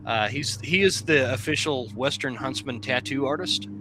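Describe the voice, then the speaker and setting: A man's voice: medium pitch, moderate pace, noisy background. A man hosting a hunting podcast over a remote call, affable and chatty in casual conversation. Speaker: podcast host.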